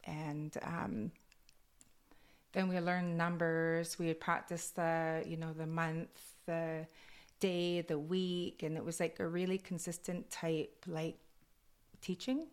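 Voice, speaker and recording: A woman with a Kwakwala-influenced English accent tells personal stories in an interview, laughing often and getting emotional. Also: sits low. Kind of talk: personal storytelling.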